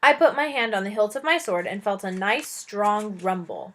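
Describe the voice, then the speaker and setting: A woman's voice: mid-range voice, expressive, normal speed, fairly bright tone. A woman teacher reading a children's novel aloud expressively, adding chatty asides to her listeners.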